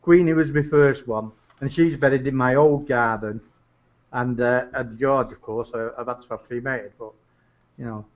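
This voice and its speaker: A man with a Salford accent co-hosting a casual live-stream chat, excitable and prone to jumping in on others. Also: medium pitch, moderate pace, highs cut off. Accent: Salford, England. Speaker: co-host.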